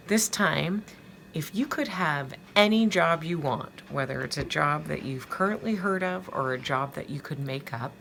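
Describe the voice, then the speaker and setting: A woman's voice: sits low, creaky, background noise. A woman reading a children's novel aloud chapter by chapter, as a teacher for her students. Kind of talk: storybook read-aloud.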